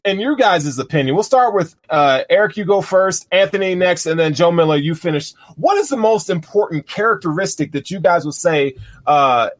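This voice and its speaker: A man hosting a casual sports podcast with a Southern US accent, joking and animated with his guests. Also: high voice, moderate pace. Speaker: podcast host.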